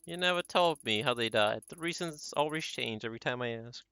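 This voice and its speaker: A man's voice: medium pitch, animated, a little fast, pushed and bright, clear, resonant tone, dry recording. A man reading a defiant young woman. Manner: defiant, accusing. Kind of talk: reading game dialogue aloud.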